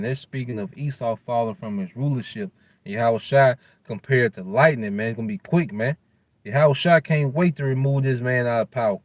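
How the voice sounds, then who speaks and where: A man's voice: mid-range voice, normal speed, no echo. A man giving an informal scripture lesson. He uses loose street slang, tags "man" onto nearly every phrase, and stumbles while looking up verses. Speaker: religious teacher.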